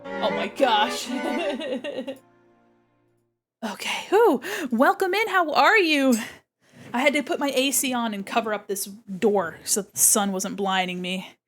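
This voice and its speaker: A woman's voice: on the high side, expressive, slow pace, a bit bright, soft background music. A woman streamer chatting casually while she draws. She is bubbly, greets her chat and exclaims often.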